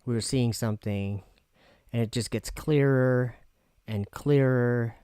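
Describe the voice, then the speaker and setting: A man casually reading scripture aloud and musing on it for his viewers, pausing and restarting as he goes. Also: mid-range voice, warm tone, clear, resonant tone, no room sound, clean studio sound. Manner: reads aloud with pauses and restarts. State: talking with candy in his mouth. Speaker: video host.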